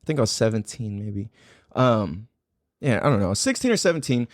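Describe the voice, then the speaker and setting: A man's voice: fairly low pitch, sing-song, moderate pace, no room sound, studio quality. A man in his forties from the USA hosting a podcast, talking casually with lots of swearing and slang. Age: 40s. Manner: laid-back, profane slang-heavy talk. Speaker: podcast host. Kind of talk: casual monologue.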